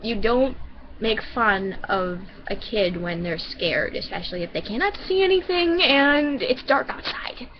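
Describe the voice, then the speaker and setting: A woman's voice: fairly high pitch, lively intonation, measured pace, highs cut off, noisy background. A woman vlogger from Michigan telling a personal story casually, rambling and often restarting her sentences.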